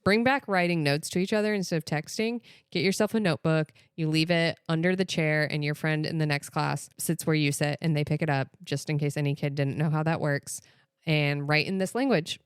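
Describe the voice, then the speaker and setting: A woman's voice: low-pitched, brisk, clear, resonant tone, no room sound, clean studio sound. A woman co-hosting a podcast, chatty and playful, riffing on ideas in casual talk. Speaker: podcast co-host. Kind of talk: casual chat.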